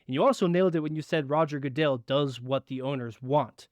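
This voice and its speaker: A man's voice: fairly high pitch, a little fast, a little mellow, no echo, dull audio. A young man co-hosting a sports podcast with his father, talking earnestly and reading statements aloud. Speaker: podcast co-host, son. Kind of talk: casual sports podcast chat.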